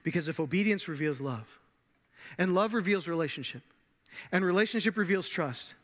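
A man's voice: sits high, expressive, moderate pace. A man preaching a sermon as a pastor, in a conversational way with rhetorical questions, with long church reverb. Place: church sanctuary.

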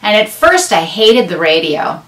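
A middle-aged woman with a mid-range, sing-song voice hosts a knitting podcast, speaking at a measured pace. She chats casually to camera, rambling with asides that poke fun at herself. The mic is far off, so the recording is roomy and a bit off mic.

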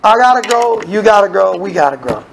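A man's voice: high-pitched, fairly quick, gravelly, noisy background. A man preaching an evening church sermon, acting out quoted voices. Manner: animated, acts out quoted voices. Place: church sanctuary.

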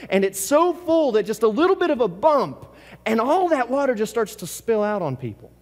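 A male pastor preaching a sermon with passion, repeating phrases and swinging from loud bursts to hushed lines. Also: very high-pitched, sing-song, normal speed, in a large hall. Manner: impassioned preaching with repetition and sudden swings between loud and hushed. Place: church service.

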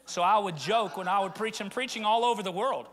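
A middle-aged pastor from rural Arkansas preaches a conversational sermon that builds into fervent appeals. His voice sits high, a bit bright, and he talks a little fast.

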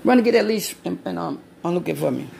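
A woman, vlogging at home on her phone in loud, profane, laughing banter. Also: on the low side, animated, fast talker, vocal fry, slight background noise. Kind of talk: casual home vlog. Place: home, indoors then outdoors at night.

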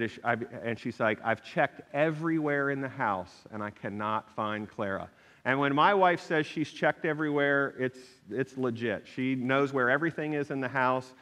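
Middle-aged male pastor telling a story in a reverberant hall. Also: mid-range voice. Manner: animated storytelling, acts out the people he quotes. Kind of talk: sermon storytelling. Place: church sanctuary.

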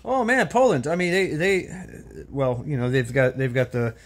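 A man's voice: medium pitch, normal speed. A man from the United States ranting off the cuff as a vlogger, blunt and profane, with many stammered restarts. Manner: rambling, full of restarts and stammered repeats. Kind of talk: off-the-cuff political rant.

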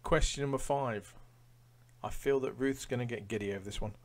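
Quizmaster repeating each question. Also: male voice, medium pitch, darkish tone. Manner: reads each question slowly, then repeats it. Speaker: pub quiz host. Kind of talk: live-streamed quiz hosting with chatty asides. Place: at home. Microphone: webcam or phone facing himself.

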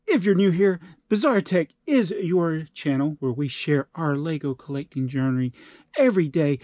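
A man's voice: fairly high pitch, a little mellow, dry recording. A man hosting a toy-collecting channel, reading comments with exaggerated mock emotion. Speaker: channel host.

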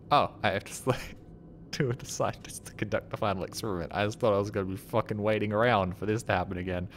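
A man's voice: fairly low pitch, fast, a bit bright, slight background noise. Puzzled man rambling over gameplay. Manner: rambling, puzzled, swears casually. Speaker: streamer playing a game. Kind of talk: casual live gameplay commentary.

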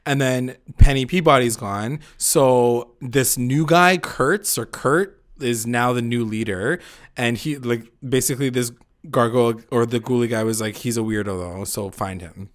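Mid-range and at normal speed, this man's voice belongs to a TV recap podcast co-host chatting casually. He rambles and curses, leans heavily on "like," and performs the characters' lines while retelling the plot.

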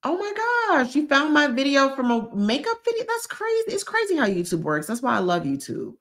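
A woman's voice: high voice, wildly swooping pitch, a little fast, a bit bright. A woman, chatting casually on a live stream and reading out viewer comments in a bubbly, slangy way. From Georgia, US. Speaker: lifestyle YouTuber hosting a live stream.

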